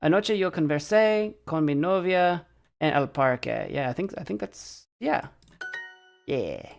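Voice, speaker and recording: A man's voice: a little high, sing-song, unhurried, vocal fry, soft background music. An American man streaming, chatting casually as he practices a language app, thinking aloud and second-guessing himself.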